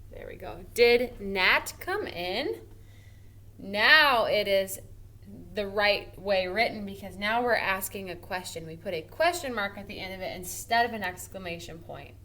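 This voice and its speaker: A woman teacher giving a recorded grammar lesson to first graders, slow and encouraging, drawing out her example sentences expressively. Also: medium pitch, bright, forceful tone, slight background noise. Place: home or classroom at a smartboard.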